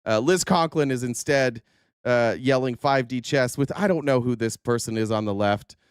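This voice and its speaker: A man hosting a political commentary livestream, his voice smooth and resonant in a dry, close-miked sound. He talks sarcastically and curses freely, with frequent "uh" fillers and restarts. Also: medium pitch, moderate pace, no room sound. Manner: sarcastic, profane, filler-heavy. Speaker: livestream host.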